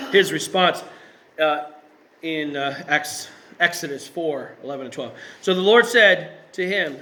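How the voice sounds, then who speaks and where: A man's voice: on the high side, sharp tone. A man preaching a sermon in a conversational way, tossing in rhetorical questions. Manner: conversational, with rhetorical asides and self-corrections.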